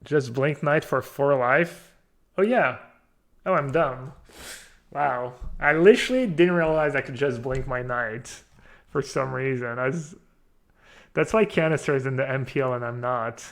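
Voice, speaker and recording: A man streaming a card game, chatting casually and thinking out loud while poking fun at himself. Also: mid-range voice, measured pace. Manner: chatty, self-mocking, thinks aloud. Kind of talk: casual live-stream commentary.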